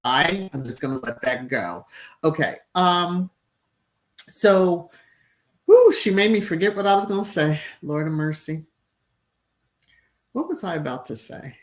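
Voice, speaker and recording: A woman's voice: deep voice, lively intonation, measured pace, long pauses. A middle-aged woman hosting a casual live stream, reading viewer comments aloud, laughing often and breaking into little sung phrases.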